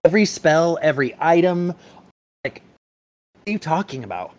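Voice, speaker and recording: A man guesting on a casual gaming podcast, speaking in an animated, opinionated way. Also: a little high, normal speed, a little hiss or hum. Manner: animated, opinionated fan talk. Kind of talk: casual chat.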